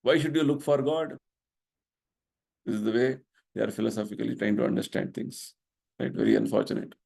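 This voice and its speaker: A middle-aged man, the temple's vice president, gives a spiritual talk in a fairly low, husky voice with vocal fry and a slightly mellow quality. He speaks fairly quickly, explaining his points earnestly and checking in with listeners by asking "right?".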